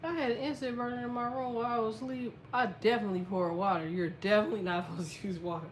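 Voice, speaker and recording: Speaking quickly in a medium-pitched voice, this astrology content creator recounts something from her own life in a loose monologue full of swearing and bluntness. There's a little hiss or hum. She's an animated storyteller who softens when the story turns sad.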